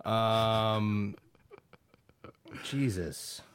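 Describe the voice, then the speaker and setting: A man's voice: fairly low pitch, extremely slow, smooth, no echo. A man co-hosting a casual improv comedy podcast, swearing freely and ranting in frustration. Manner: swearing, rants and yells in frustration. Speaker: podcast co-host.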